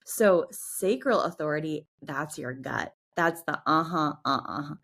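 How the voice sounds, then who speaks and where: A woman with a low, deep speaking voice, talking on a podcast as a guest coach. She explains things in loose, chatty speech, leaning on "like" and "right?" as she goes. She slips into little acted voices when she quotes people. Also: expressive, unhurried, husky. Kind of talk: casual explanatory chat.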